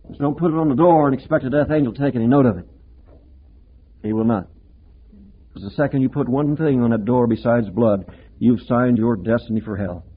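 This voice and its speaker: Impassioned preacher on a tinny recording. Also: male voice, mid-range voice, slight background noise. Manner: impassioned preaching, swinging between emphatic and hushed. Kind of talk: sermon.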